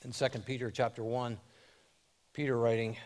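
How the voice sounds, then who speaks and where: A man preaching a sermon as pastor, reading scripture aloud and speaking in short, measured phrases with rising emphasis. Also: mid-range voice, little pitch movement, darkish tone.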